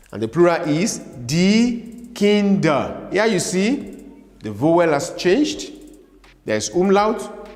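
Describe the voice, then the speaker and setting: A man teaching a language lesson, patient and repetitive, having learners repeat words after him. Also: fairly high pitch. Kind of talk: slow, drilling language lesson. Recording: echoey room with faint music.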